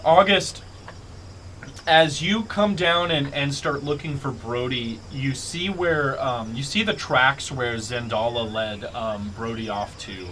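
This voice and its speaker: A man's voice: mid-range voice, slow pace, bright, forceful tone, a little hiss or hum. A man narrating as game master of a tabletop game, hesitant, with many fillers. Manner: hesitant, many ums and uhs; laughs often.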